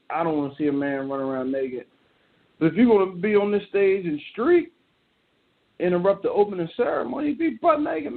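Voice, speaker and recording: A man hosting a show, ranting in casual commentary in a blunt, animated way and swearing often. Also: on the high side. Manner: animated, blunt and profane, reacting aloud. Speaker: show host. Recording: tinny phone-like sound.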